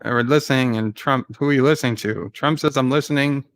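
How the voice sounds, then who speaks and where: A man giving live commentary on a debate. He paraphrases the speakers, reads out viewer chat and gets excitable at times. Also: medium pitch, a little fast.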